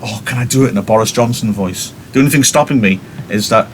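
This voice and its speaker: Reading a play aloud to his class, a British teacher speaks quickly in a lowish voice, slipping in chatty, wry commentary that pokes fun at himself. There's slight background noise.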